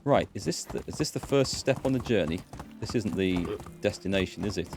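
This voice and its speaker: A man's voice: lowish voice, animated, brisk, music in the background. A British man streaming a game, chatting casually, answering his chat and laughing easily. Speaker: let's play gamer and streamer. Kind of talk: casual live-stream commentary.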